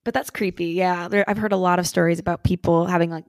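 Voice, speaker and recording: A woman's voice: lowish voice, steady tone, fast, no echo, studio quality. A young woman co-hosting a podcast, reading listener stories aloud and chatting casually, laid-back and swearing now and then. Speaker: podcast co-host.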